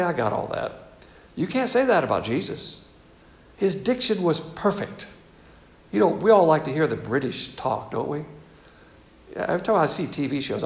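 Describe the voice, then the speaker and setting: A man's voice: medium pitch, vocal fry, echoey room. A man with a Southern US accent teaching the Bible in a folksy, conversational sermon with asides.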